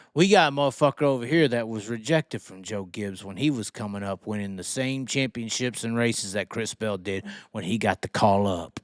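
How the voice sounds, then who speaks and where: A man's voice: fairly low pitch, moderate pace, no room sound, studio quality. A man hosting a racing show, ranting heatedly and swearing as he mocks fans and reads the chat. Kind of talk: profane opinion rant on livestream.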